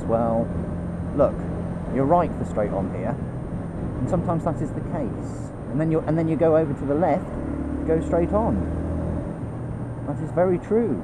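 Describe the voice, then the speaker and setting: A man's voice: fairly high pitch, animated, moderate pace, pauses often. A man riding a motorcycle and chatting to the viewer in a rambling commentary, correcting himself as he goes, through a helmet mic. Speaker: motorcycle vlogger. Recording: loud wind and road noise.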